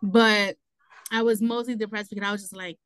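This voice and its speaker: A young woman, a guest telling her own story in casual talk, animated and quick to laugh, leaning on "you know" between thoughts. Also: medium pitch, smooth, no echo, rough recording. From New York City.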